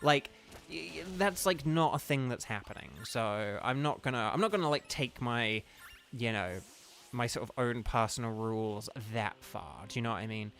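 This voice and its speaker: A man's voice: mid-range voice, animated, normal speed, gravelly, fairly bright tone. A man chatting casually on a game live stream, rambling from one tangent to the next and filling his talk with "like". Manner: rambling and digressive, heavy use of "like".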